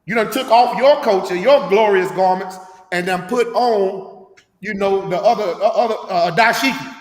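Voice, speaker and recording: A man's voice: high-pitched, moderate pace, reverberant, long reverb tail. A man leading a scripture class, preaching emphatically with rhetorical questions in a street-talk manner.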